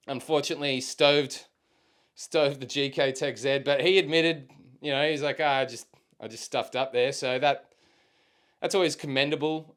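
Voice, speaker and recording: A man's voice: mid-range voice, clear, resonant tone. A young man with an Australian accent hosting a casual solo podcast, laid-back and slangy, dropping swear words and plenty of ums. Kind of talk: casual rambling chat.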